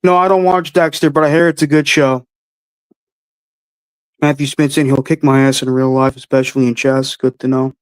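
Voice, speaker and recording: A man's voice: mid-range voice, level tone, normal speed, clean tone, no echo. Blunt, swearing man on a livestream. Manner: blunt, swears freely, offhand opinions. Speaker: host answering live chat. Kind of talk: casual livestream chat.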